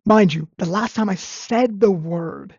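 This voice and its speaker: A woman's voice: medium pitch, a little slow, a little mellow, husky, dry recording. A woman vlogger telling a personal faith testimony in an earnest, repetitive way, with many restarts. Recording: dull lo-fi dry sound.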